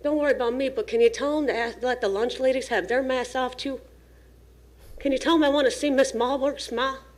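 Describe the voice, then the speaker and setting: A woman voicing her six-year-old daughter, quoting her plaintive, begging words in a higher voice. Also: steady tone, fairly quick. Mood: pleading. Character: pleading little girl, six years old.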